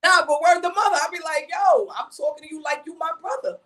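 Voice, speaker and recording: High-voiced, animated slangy woman. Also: fast, a little hiss or hum. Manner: slangy, repeats "you know what I mean"; animated, emphatic storytelling. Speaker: mother and podcast guest. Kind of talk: casual podcast chat.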